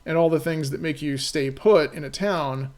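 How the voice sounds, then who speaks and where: A man's voice: on the high side, moderate pace, a little mellow. Rambling man streaming live. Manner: rambling, filler-heavy, keeps checking in with "right?". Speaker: game streamer and developer. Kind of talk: casual live-stream chat.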